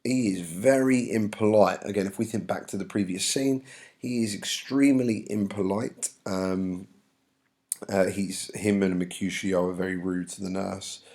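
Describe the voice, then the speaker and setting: Man, English teacher, chatty lesson, low pitch, gravelly. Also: fairly even intonation, a little slow, darkish tone. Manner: chatty paraphrasing with slang asides. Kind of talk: recorded lesson explaining a play.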